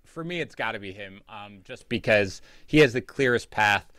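A man talking fantasy football picks in a casual podcast chat, chatty and self-deprecating with quick asides. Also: fairly low pitch, animated, pushed and bright, dry recording, clean studio sound.

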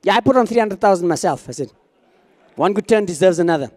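A man's voice: high voice, animated, fast, darkish tone, big-room sound. A man preaching a sermon as pastor, talking conversationally and acting out quoted dialogue.

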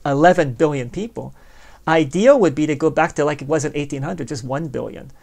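A man's voice: a little high, fairly quick, vocal fry, darkish tone. A man hosting a podcast, delivering a rambling, sardonic philosophical monologue and speaking straight to the listener. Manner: sardonic, plays both sides of an imagined dialogue; rambling, conversational, addresses the listener directly. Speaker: podcast host.

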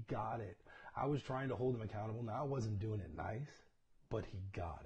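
Low, mellow-voiced pastor on a livestream. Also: male voice, expressive, fairly quick. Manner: conversational, often checks in with "okay?" and "right?"; tells personal stories with self-deprecating laughs. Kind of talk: casual livestreamed sermon. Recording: dull lo-fi livestream audio with faint noise.

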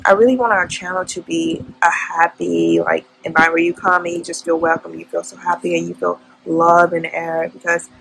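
A woman's voice: lowish voice, vocal fry, fairly bright tone, slight background noise, rough recording. A young woman vlogging at home, telling an emotional, faith-filled story in casual chat.

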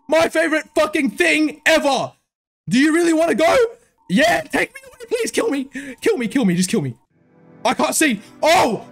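Young man, horror game commentary, high voice, gravelly edge, panicky and swearing. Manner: jumpy, panicky, swearing, self-mocking. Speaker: gaming video creator.

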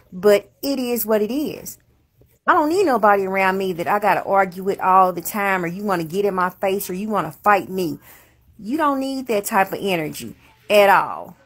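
A woman's voice: mid-range voice, slightly rough. A woman hosting a show, giving frank, blunt advice in casual chat with some cursing.

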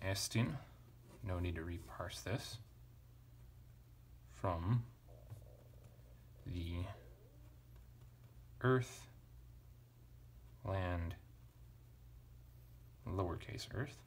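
Deep-voiced man teaching ancient Greek. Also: extremely slow, pauses often, a little hiss or hum. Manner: thinking aloud, self-correcting, casual asides. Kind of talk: relaxed verse-by-verse parsing lesson.

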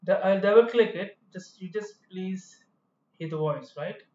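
In this screen-recorded coding lesson, a man with a high, unhurried, slightly mellow voice plays the programming tutor. He rambles and corrects himself as he explains, against echoey, dull room acoustics.

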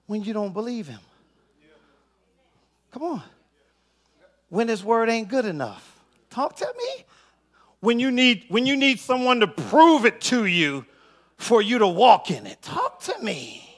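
A male pastor preaching a sermon, calling out to his congregation and getting them to answer back, building up to shouted peaks. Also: very high-pitched, big pitch swings, measured pace, pauses often. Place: church sanctuary.

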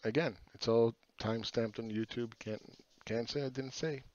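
A man's voice: mid-range voice, fairly even intonation, normal speed, a little mellow, no echo. A middle-aged man giving blunt, profane, mocking chart commentary in a casual way. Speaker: market commentator. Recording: dull lo-fi sound.

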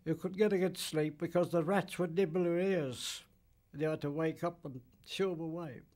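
A man in his nineties, a veteran, recounting memories in an interview, halting and plain-spoken with dialect grammar. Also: fairly high pitch, darkish tone. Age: 90s. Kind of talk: recollection interview.

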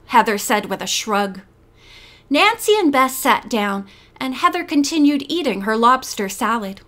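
Woman reading a teen mystery audiobook, high lively voice. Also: normal speed. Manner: expressive reading, many voices. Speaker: audiobook narrator. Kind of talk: scripted narration.

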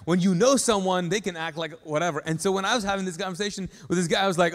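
A male pastor preaches in a sanctuary, his slightly high voice trailing off in a long hall echo. He talks to the congregation in a loose, joking way and acts out little quotes as he goes. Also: very fast, hardly any pauses. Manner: conversational and joking, with acted-out quotes. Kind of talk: sermon. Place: church sanctuary. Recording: long reverb of a large hall.

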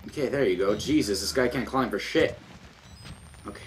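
A man's voice: mid-range voice, normal speed, noisy background. A young man commentating a horror game, jumpy and panicky, muttering repeated words to himself. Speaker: gameplay commentator.

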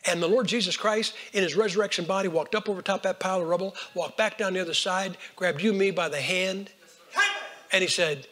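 An older man preaching a folksy storytelling sermon, swinging between hushed lines and loud bursts. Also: high voice, a little fast. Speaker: Baptist preacher.

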